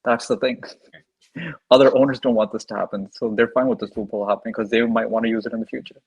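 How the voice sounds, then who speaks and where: A man's voice: fairly low pitch, fairly even intonation, quick pace, husky, lo-fi sound. A man, a panelist in a casual chat, explaining at length and repeating himself.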